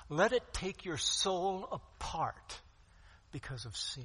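A pastor preaching a sermon with emphatic delivery, swinging from loud to quiet. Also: male voice, on the high side, expressive, takes it slowly, breathy edge. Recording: long hall reverb.

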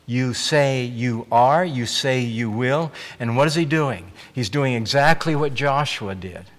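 A man's voice: medium pitch, measured pace, few pauses, big-room sound. A man preaching a sermon in an earnest, emphatic way, often restarting his phrases.

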